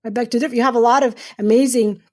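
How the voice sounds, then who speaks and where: A woman's voice: fairly high pitch, fairly even intonation, rapid-fire. A middle-aged woman, a surgeon guest on a podcast, speaking earnestly and emphatically, often repeating phrases for weight. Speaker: guest urologist. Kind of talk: podcast interview.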